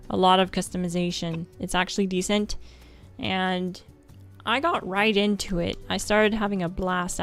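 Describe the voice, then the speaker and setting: A woman's voice: mid-range voice, smooth. Chatty French-accented woman streamer. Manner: chatty, laughs often, lots of "like". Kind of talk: casual livestream chat.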